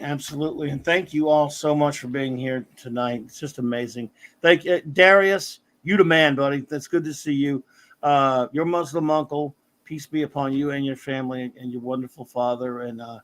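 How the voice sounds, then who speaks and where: A middle-aged man hosting a casual live stream, chatting about comics and thanking viewers by name. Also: a little high. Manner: warm shout-outs to chat viewers. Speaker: host of a comics talk stream.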